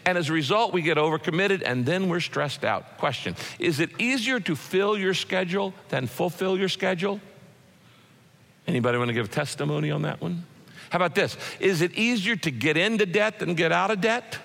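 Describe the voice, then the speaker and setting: A man's voice: high-pitched, expressive, fairly quick, vocal fry, a bit bright, long reverb tail. A man preaching a sermon as pastor, folksy and punchy, building emphasis as he speaks.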